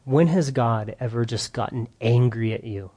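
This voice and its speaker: A man's voice: mid-range voice, normal speed, husky. A middle-aged man leading a humorous church parenting session for a live audience, telling stories and acting out his own outbursts. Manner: animated storyteller, acts out his own outbursts loudly. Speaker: parenting seminar speaker.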